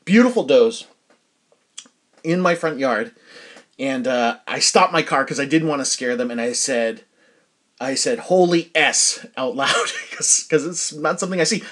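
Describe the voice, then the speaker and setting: A middle-aged man from New Hampshire hosts a casual solo podcast in an animated, medium-pitched, slightly bright voice, speaking a little slowly. He rambles and chats, often cutting himself off with fillers to restart.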